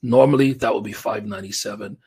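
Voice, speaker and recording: A man, hosting a live business webinar as a coach, talking straight to viewers in an energetic, casual way. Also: fairly low pitch, fast, slightly rough. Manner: energetic, conversational, talks directly to viewers with slang like bro and fam.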